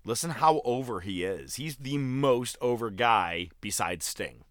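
A man's voice: mid-range voice, expressive, measured pace, dry recording, studio quality. A man co-hosting a casual chat, joking and retelling moments with animation. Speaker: podcast co-host.

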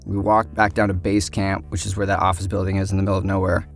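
Man telling a story, animated. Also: low-pitched, fast, gravelly, soft background music. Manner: animated, acts out other people's lines. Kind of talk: casual storytelling.

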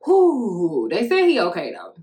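A woman's voice: medium pitch, normal speed. A woman in her thirties with a mid-range voice, talking through a loose solo podcast monologue. She is blunt and swears freely. She laughs often as she tells stories. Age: 30s. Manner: profane, candid, laughing storyteller. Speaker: podcast host.

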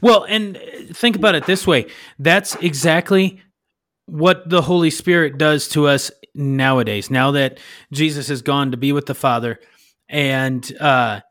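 A man's voice: on the high side, measured pace, fairly bright tone, dry recording, clean studio sound. A man hosting a podcast, paraphrasing a Bible story in a rambling way and searching for words. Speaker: podcast host. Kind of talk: casual Bible discussion.

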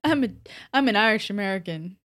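A woman's voice: medium pitch, lively intonation, a little fast, a bit bright. A woman co-hosting a casual podcast chat, teasing, laughing often and swearing. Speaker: podcast co-host.

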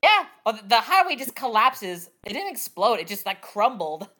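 A woman's voice: fairly high pitch, very animated, moderate pace, bright, forceful tone. A woman co-hosting a podcast, giving wry, exasperated commentary about an anime in a casual chat. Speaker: podcast co-host.

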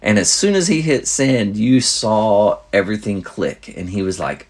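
A man's voice: fairly low pitch, lively intonation, a little slow, hardly any pauses. A man hosting a casual storytelling show, telling an anecdote in an easygoing, rambling way with many fillers and restarts. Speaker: podcast host.

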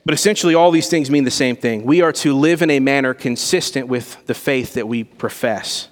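A man's voice: mid-range voice, brisk, long reverb tail. A man preaching a sermon to his church, earnest and conversational, with rising emphasis. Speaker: pastor. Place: church sanctuary.

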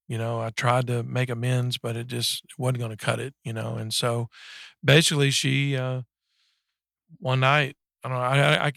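A man in his forties giving a personal faith testimony in casual conversation, halting and earnest, with many restarts and fillers. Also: mid-range voice, creaky, fairly bright tone, dry recording, studio quality. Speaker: guest sharing a faith story.

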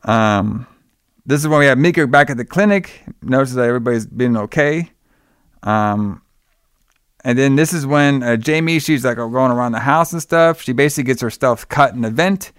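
Brief: male podcast co-host, smooth and dry-miked, loose and profane, filler-heavy. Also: medium pitch, moderate pace, fairly bright tone, no echo. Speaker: podcast co-host recapping a film. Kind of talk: casual chat.

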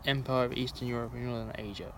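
A man's voice: mid-range voice, little pitch movement, fast talker, fairly bright tone, slight background noise. A man co-hosting a podcast in casual banter, with a dry, teasing manner and plenty of swearing. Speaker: podcast co-host.

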